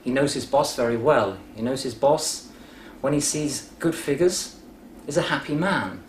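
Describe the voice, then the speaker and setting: Patient male English teacher, roomy echo. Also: a little high. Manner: patient, clear and deliberate. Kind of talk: explaining grammar through a story. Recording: roomy echo with faint background noise.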